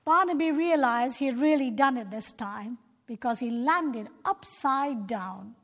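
A woman's voice: high voice, animated, a little slow. A woman narrating a Christian children's story expressively, talking directly to young listeners. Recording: long reverb.

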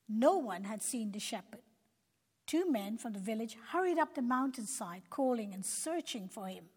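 A woman narrating a children's Bible story in an earnest, gentle preaching tone. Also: on the high side, expressive, moderate pace, breathy edge. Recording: long hall reverb.

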